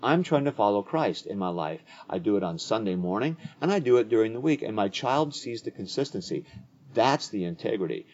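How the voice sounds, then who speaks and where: Brief: low husky man, earnest teaching tone, dull lo-fi recording. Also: expressive, brisk, darkish tone. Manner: earnest, repeats words as he restarts. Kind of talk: conversational teaching on faith. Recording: dull lo-fi audio.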